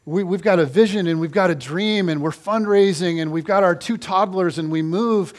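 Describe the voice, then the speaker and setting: A middle-aged male pastor preaching a sermon, telling stories with lively repetition for emphasis. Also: high voice, normal speed. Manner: animated storytelling, repeats phrases for emphasis.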